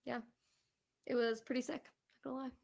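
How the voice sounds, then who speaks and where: A woman's voice: high voice, flat delivery, fairly quick, gravelly, a little mellow. A young woman co-hosting a podcast, chatting casually about a trip, laughing often and acting out what people said. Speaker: podcast co-host.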